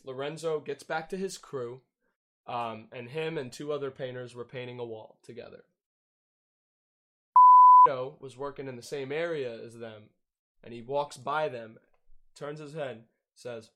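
A man's voice: medium pitch, bright, forceful tone. A young man casually telling a profane, laughing story on a podcast. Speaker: podcast host.

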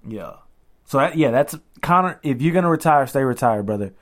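Man co-host, young adult, casual slangy podcast chat, animated storyteller. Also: medium pitch, fairly quick.

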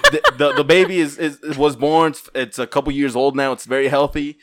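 A man in his twenties co-hosting a podcast in relaxed, chatty talk, laughing often. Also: fairly high pitch, a little fast, no echo, clean studio sound. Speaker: podcast co-host. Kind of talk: casual chat.

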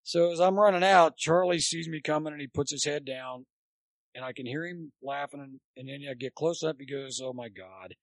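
A man, a former college baseball coach, chatting as a guest and telling long, animated anecdotes. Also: on the high side, a little fast, dry recording. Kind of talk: rambling anecdotal storytelling.

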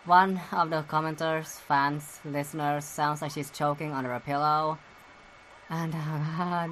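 A woman's voice: low-pitched, fairly even intonation, unhurried, a little hiss or hum, poor audio. A woman hosting a solo commentary podcast, crude and giggly, rambling with lots of fillers and restarts. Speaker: podcast host.

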